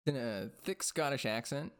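A man's voice: medium pitch, animated, moderate pace, a bit bright, clear, resonant tone. Guy hosting a gaming podcast, laid-back, quizzes his buddy, laughs a lot. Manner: playful quizmaster, laughs often. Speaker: podcast host. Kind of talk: casual gaming chat.

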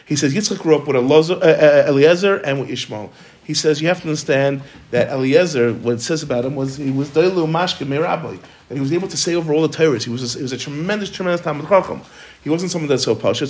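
A man leads an informal Torah lesson at a brisk clip, his voice pitched slightly above the usual male range. He restarts sentences often and weaves Hebrew and Yiddish terms into his English explanations. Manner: rapid, repeats and restarts words, sprinkles Hebrew and Yiddish terms. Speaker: Torah teacher.

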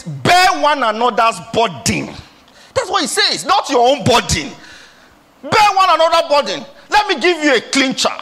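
A man with a Nigerian accent preaching a sermon as a pastor, moving between soft pleading questions and loud exhortation. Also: very high voice, slight background noise.

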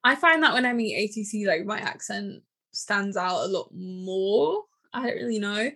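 A young woman with a southern English accent talks in an easy, chatty way. Her pitch sits in the middle of the usual range. She is relaxed and now and then drops a casual swear. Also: normal speed, creaky, husky. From York, England. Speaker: conversation partner. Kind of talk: casual chat.

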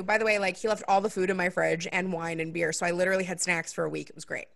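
A young adult woman hosting a podcast, telling a story in a casual chat and acting out other people's lines with big jumps in pitch. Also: steady tone, fairly quick, gravelly, fairly bright tone.

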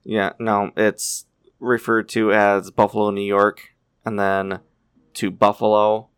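A man's voice: fairly low pitch, little pitch movement, slow, a bit bright, smooth, no echo, clean studio sound. A man co-hosting a podcast in casual chat, explaining a point in a matter-of-fact way. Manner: explains things matter-of-factly.

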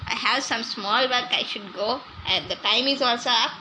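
A woman voicing a kindly old grandmother who lectures slowly and repeats her advice. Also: a little high, noisy background, natural voice. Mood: earnest advice. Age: older.

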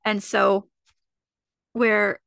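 Bright, animated woman podcast host. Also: mid-range voice, drawn-out words, vocal fry, smooth, dry recording, studio quality. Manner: animated, acts out quotes from scenes. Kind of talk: casual chat.

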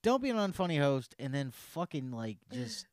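Man, podcast co-host, tired, animated pitch, swears, laughs, dry close sound. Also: normal speed, dry recording. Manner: lively, swearing, laughing banter. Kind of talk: casual chat.

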